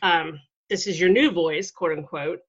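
A woman's voice: on the low side, unhurried, breathy edge. A woman hosting an interview, giving short supportive replies in casual chat. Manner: brief supportive backchannels. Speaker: podcast host. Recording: dull lo-fi sound.

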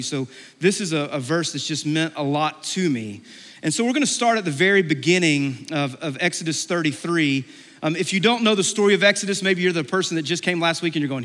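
A man's voice: high-pitched, moderate pace, bright, forceful tone. A man preaching a sermon in a church, talking casually, joking and acting out the people in the story. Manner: conversational, joking, acts out characters in asides. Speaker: pastor. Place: church sanctuary. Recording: reverberant church hall.

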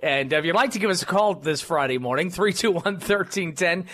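A talk radio host with a high, bright voice, rambling through his monologue with plenty of fillers and false starts. He pokes fun at himself as he talks into a studio microphone. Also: expressive, fairly quick. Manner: rambling, self-deprecating, many fillers and restarts.

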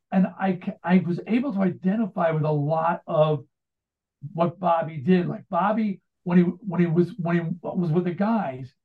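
A man in his sixties with an American accent, talking about his writing in a casual, rambling interview, full of restarts and asides. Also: high voice. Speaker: author and rock singer guest. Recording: tinny phone-like line.

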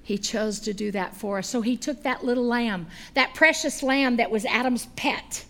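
A middle-aged woman preaches in a high, bright voice. She tells the story with animated, humorous energy, swinging between loud emphasis and hushed asides. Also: moderate pace. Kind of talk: sermon.

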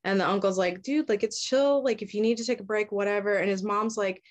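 A young woman telling a story in easygoing, profane chat. She drops into quick little voices for each character, then goes straight back to her ordinary middle-pitched voice. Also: fairly even intonation. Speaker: podcast host retelling a story. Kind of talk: casual chat.

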